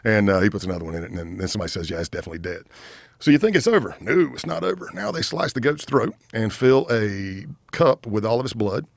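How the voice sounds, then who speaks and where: Man, 50s, low voice, retired agent as podcast guest, animated storytelling, acts out other voices, dry close sound. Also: fast, vocal fry, few pauses, no echo.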